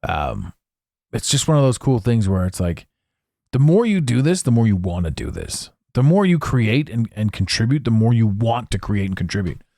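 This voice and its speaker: A man hosting a solo podcast, rambling in a jokey, animated way into a close microphone. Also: lowish voice, moderate pace, no room sound. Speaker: podcast host. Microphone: close studio mic.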